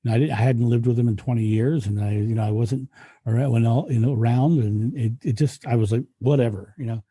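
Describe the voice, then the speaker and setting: A man's voice: medium pitch, fast talker, warm tone, breathy edge, no echo. A man, a guest speaker, talking earnestly in a reflective interview and often restarting his sentences. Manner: earnest, frequent restarts and repetitions.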